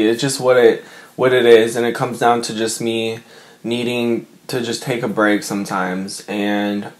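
A young man vlogging from his bedroom, chatting to his viewers in an emotional, rambling way with lots of fillers. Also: medium pitch. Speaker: mukbang vlogger. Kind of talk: casual chat to camera.

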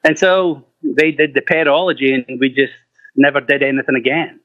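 A middle-aged rock singer tells stories in casual conversation, swearing freely, laughing, and acting out the voices of the people he quotes. His voice is mid-range at a normal speed, and the recording is muffled, lo-fi, and dry with no room sound.

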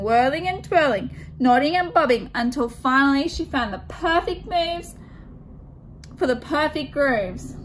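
A woman student teacher reading a picture book aloud to children, expressive and stopping to ask them questions. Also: high-pitched, slight background noise.

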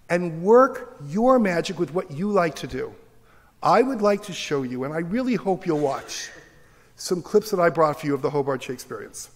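A middle-aged man, a teacher, giving a passionate lecture in a university auditorium and acting out the voices of his critics. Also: high voice. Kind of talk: animated public lecture. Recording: long hall reverb from the auditorium.

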